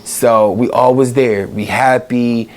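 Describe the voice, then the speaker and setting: A man hosting a podcast, telling a heartfelt personal story in a halting way, with many pauses and fillers, holding back tears. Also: medium pitch, steady tone. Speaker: podcast host.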